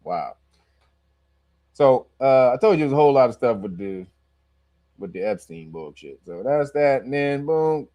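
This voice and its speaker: A man's voice: mid-range voice, expressive, unhurried, pauses often, mellow. A man giving casual, profane reaction commentary on a video clip, incredulous and laughing often. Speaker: reaction streamer.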